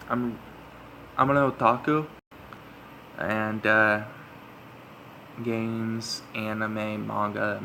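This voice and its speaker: A man's voice: on the low side, gravelly, bright, forceful tone, a little hiss or hum, low-quality recording. A man reading a visual novel aloud, breaking off into rambling, self-correcting asides to his viewers. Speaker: let's play gamer.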